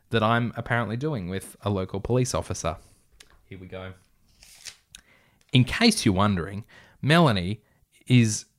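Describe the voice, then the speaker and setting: A young man with an Australian accent who reads aloud from his childhood novel and breaks off for wry, self-mocking asides. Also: lowish voice. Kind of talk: comic reading with commentary.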